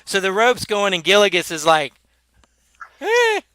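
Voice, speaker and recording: A man running a tabletop game as game master, narrating in a halting way with lots of restarts. His voice is slightly high, bright and smooth. It is recorded close and dry. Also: dry recording. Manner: halting, many restarts, chuckling.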